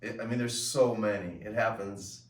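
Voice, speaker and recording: A middle-aged man hosting a casual home show, telling stories in a lively, chatty way with plenty of fillers. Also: on the low side, moderate pace. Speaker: host. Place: home room with family. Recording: echoey room, mic at a distance.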